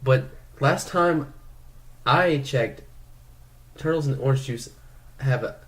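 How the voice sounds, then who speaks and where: A man's voice: mid-range voice, slow pace, a bit bright. A man co-hosting a comedy podcast, talking loosely and jokily, often starting with "listen" and filling with "like". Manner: loose, jokey, lots of "listen" and "like". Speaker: podcast co-host. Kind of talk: casual comedic banter.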